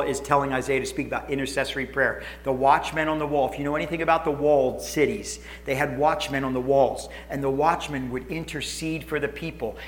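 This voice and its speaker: A male pastor preaching an animated sermon, his voice swinging between loud emphasis and hushed moments. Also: on the high side, roomy sound. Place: church building.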